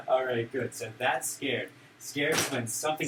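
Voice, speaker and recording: A man's voice: mid-range voice, expressive, a little slow. A male teacher leading a classroom of young children, playful and encouraging as he acts out emotions. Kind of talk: classroom teaching of simple English. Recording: distant mic with room noise.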